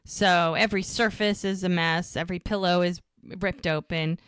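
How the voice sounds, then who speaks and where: A woman's voice: lowish voice, fairly even intonation, normal speed, a bit bright, clean tone, dry recording, studio quality. A woman hosting a rewatch podcast, casually recapping a TV episode scene by scene with lots of "like" and "she goes.". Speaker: podcast co-host.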